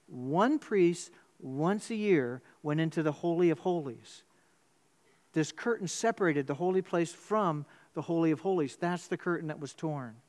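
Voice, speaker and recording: A man preaching a sermon in church, telling a story with sudden jumps in pitch. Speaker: pastor.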